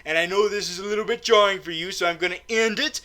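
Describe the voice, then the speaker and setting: Cocky male spy, smug and blunt, stammers, bright and high, played by a man, for a comic recap. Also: fast.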